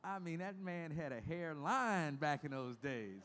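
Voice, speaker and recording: A man's voice: on the high side, expressive, measured pace, a bit bright, slight background noise. A man in his fifties giving a conference keynote as the head of an industry association, speaking frankly in a folksy way and moving from statistics into personal stories. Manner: frank, folksy, emotional storytelling. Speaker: association leader giving a presentation. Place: conference stage.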